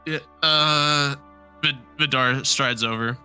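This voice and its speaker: A man's voice: medium pitch, fairly even intonation, takes it slowly, pushed and bright, smooth, faint music behind. A man playing a tabletop game, chatting in a playful way. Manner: laughing, playful. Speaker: player. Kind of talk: casual game chat.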